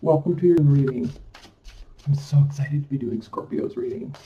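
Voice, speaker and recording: A fairly high-voiced man chats his way through a tarot reading at home, rambling and effusive as he talks to the viewer. The sound is dull and lo-fi, with the mic set some way off from him. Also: moderate pace, distant mic. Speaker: tarot reader. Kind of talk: casual tarot reading to camera.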